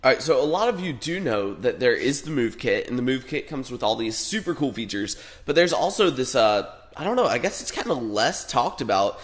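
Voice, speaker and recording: A man's voice: mid-range voice, very animated, fairly quick, hardly any pauses. A young man co-hosting a casual gaming podcast, upbeat and enthusiastic, with a stuffy nose from a cold. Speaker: podcast co-host.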